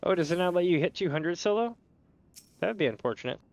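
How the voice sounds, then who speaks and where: A man streams a game while chatting casually, his voice sitting high and moving a little fast. He's an animated, rambling storyteller who laughs often and slips into different voices.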